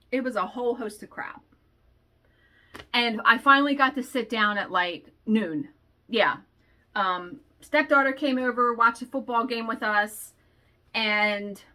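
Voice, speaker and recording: A woman's voice: fairly high pitch, sharp tone. A woman vlogger chatting casually, telling a story in a blunt, profane, exasperated way. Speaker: stitching vlogger.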